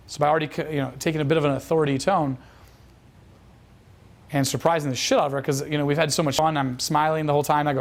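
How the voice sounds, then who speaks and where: A man's voice: fairly high pitch, flat delivery, fast talker. A man telling a dating coach's story as a lesson, casual and profane, with lots of fillers. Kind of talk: instructional storytelling.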